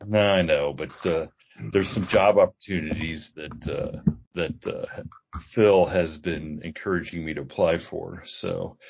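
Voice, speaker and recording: A man's voice: deep voice, a little slow, gravelly, lo-fi sound. A man hosting a podcast, chatting casually and laughing often, trailing off with fillers. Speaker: podcast host.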